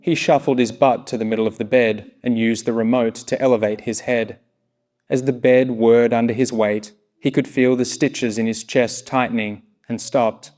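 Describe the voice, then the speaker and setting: A man narrating a story aloud at a live reading, in a steady, soft manner. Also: mid-range voice, normal speed. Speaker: story reader.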